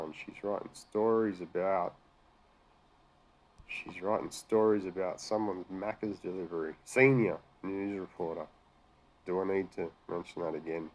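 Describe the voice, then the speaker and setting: An Australian man sarcastically ranting about news articles, swearing freely and sounding exasperated. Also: deep voice. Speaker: commentary host. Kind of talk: profane rant reacting to news articles.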